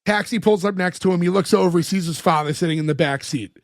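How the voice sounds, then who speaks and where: A man with a high voice talks through a sitcom episode on a podcast, slipping into the characters' lines as he retells each scene. The sound is dry and close, with no room around it. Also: no room sound. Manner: recounts scenes with quick acted-out quotes. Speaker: podcast co-host. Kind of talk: casual chat recapping a sitcom episode.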